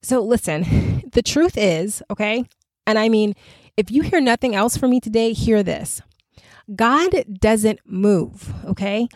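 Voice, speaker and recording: A woman hosting a faith podcast, talking in an earnest, conversational, animated way to her listeners. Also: on the high side, measured pace, dry recording. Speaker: podcast host.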